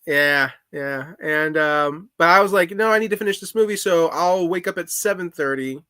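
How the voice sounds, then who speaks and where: A man's voice: fairly high pitch, normal speed, bright, forceful tone, clear, resonant tone, no echo, studio quality. A man co-hosting a podcast in casual chat, talking with many fillers and restarts. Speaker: podcast co-host.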